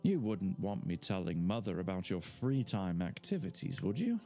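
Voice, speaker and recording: A man's voice: sits low, big pitch swings, normal speed, dark tone, soft background music. A man voicing a mischievous, eager young boy teasing his sister. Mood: cheeky. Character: young boy, cheeky scheming little brother.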